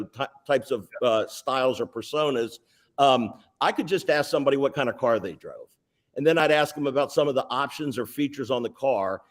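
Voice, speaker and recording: A man in his sixties, a sales executive guest, telling lively anecdotes in an interview. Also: medium pitch. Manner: animated, anecdotal, lists details. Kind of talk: storytelling interview answers.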